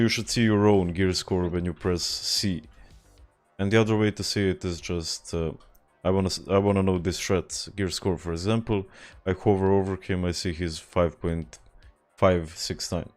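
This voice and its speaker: Deep-voiced man streaming games. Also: fairly even intonation, normal speed, soft background music. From Serbia. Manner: loose, profane, laughs often. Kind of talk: casual livestream chat while gaming.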